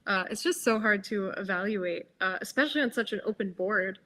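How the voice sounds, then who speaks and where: Woman co-commentating a tournament match, calm and analytical, some uhs as she weighs options. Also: medium pitch. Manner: measured, analytical, with hesitant fillers. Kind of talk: live game commentary.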